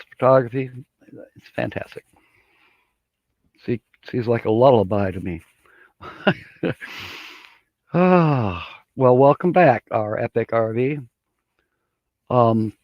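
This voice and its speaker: A middle-aged man from Michigan chats on his live stream in a folksy, rambling way and chuckles often between thoughts. His voice sits at an ordinary pitch. The audio is dry and a little dull, like a basic home computer mic. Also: no echo. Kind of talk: casual live-stream chat.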